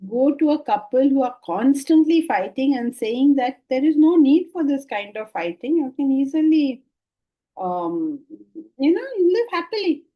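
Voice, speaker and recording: Very animated yet unhurried, a middle-aged woman with a high-pitched voice teaches Vedanta, giving a conversational spiritual discourse where she acts out people's responses and laughs often. The class was recorded in dull, lo-fi quality.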